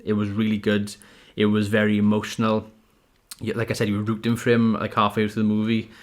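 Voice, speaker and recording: A man with a fairly low voice hosts a relaxed home podcast. He rambles, uses many fillers and restarts his points, and laughs often. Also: a little fast. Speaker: podcast host. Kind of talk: casual chat. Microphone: audio-only podcast mic.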